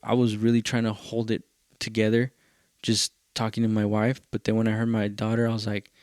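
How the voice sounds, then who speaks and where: A man's voice: fairly low pitch, monotone, a little fast, darkish tone, no echo, studio quality. A male podcast host, telling a loose, profane story in a casual rambling way and dropping in Spanish phrases.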